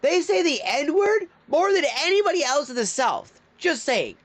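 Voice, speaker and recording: A man's voice: very high voice, big pitch swings, normal speed, fairly bright tone. A man streaming his reactions to videos, ranting with heated, profane outbursts. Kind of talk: live reaction stream commentary.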